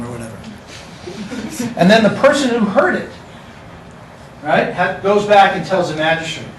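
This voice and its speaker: Picked up by a far-off mic in an echoey classroom with a little background noise, a man teaches with a relaxed, jokey manner, addressing his students. He speaks in a high-pitched, sing-song, somewhat bright voice at a moderate pace, with long pauses.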